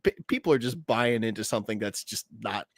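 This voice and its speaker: A man co-hosting a podcast with blunt, profane banter. His voice jumps up and down lively in pitch, and he laughs often. The recording is dry and close, with no room echo. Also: a little fast. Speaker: podcast co-host. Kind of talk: casual banter.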